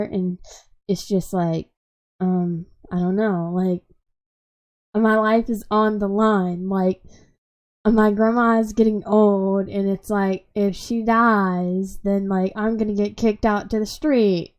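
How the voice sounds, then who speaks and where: A woman's voice: medium pitch, darkish tone. Young woman venting in a rambling way. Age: 20s. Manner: rambling, heavy use of "like" fillers; upset, sarcastic, frustrated. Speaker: vlogger. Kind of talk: unscripted emotional venting.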